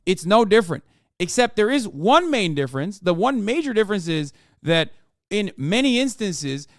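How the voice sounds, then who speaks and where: A man's voice: sits high, sing-song, normal speed, dry recording, clean studio sound. A man streaming a reaction, commenting in an exasperated, profane rant. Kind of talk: casual livestream reaction commentary.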